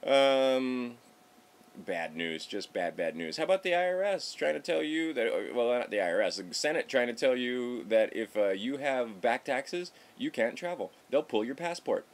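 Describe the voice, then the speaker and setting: A man's voice: mid-range voice, sing-song, normal speed. A middle-aged man giving casual political commentary in a rambling, sarcastic way, often stopping to correct himself. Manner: rambling, sarcastic, self-interrupting. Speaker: political vlogger.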